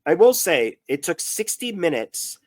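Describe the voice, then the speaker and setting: A man's voice: on the high side, very animated, measured pace. A man co-hosting a casual film review chat, answering with brief, matter-of-fact facts. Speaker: co-host reviewing films.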